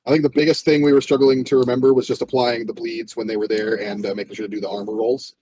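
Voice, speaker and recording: A man's voice: mid-range voice, fast, slight background noise, low-quality recording. A man in a casual chat after a tabletop session, rambling a little and using plenty of fillers as he talks through the game. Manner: relaxed, rambling with many fillers. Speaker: game master.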